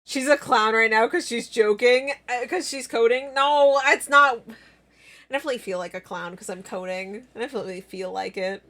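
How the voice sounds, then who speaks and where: A woman's voice: a little high, normal speed, fairly bright tone. A young woman live-streaming in casual chat, giggly and playful, bursting into squeals and laughter.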